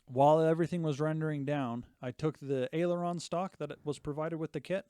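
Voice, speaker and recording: A man's voice: on the high side, steady tone, brisk, mellow, clear, resonant tone, no room sound, clean studio sound. A man co-hosting a casual podcast, explaining his hobby project in a methodical, detailed way and listing things off one by one. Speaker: podcast co-host. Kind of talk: casual chat.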